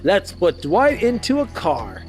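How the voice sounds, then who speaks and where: A male streamer reads a dating game aloud, slowly, stopping to fix his own slips. His voice sits a little high for a man. Faint music plays behind him. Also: wildly swooping pitch, darkish tone. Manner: rambling, self-correcting, giggly.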